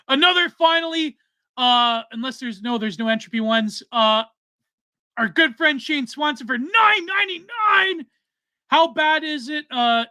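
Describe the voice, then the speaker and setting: Rambling man with a bright voice. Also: very high voice, no room sound. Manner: rambling, filler-heavy, trailing off. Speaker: podcast host reading donations. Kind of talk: casual chat.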